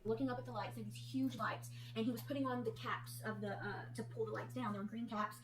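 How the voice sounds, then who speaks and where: A woman's voice: on the high side, fairly even intonation, quick pace. A young woman, a new mother, retelling her birth story in a rambling, anxious way, close to tears. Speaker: new mother in a family vlog. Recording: roomy recording with loud hum.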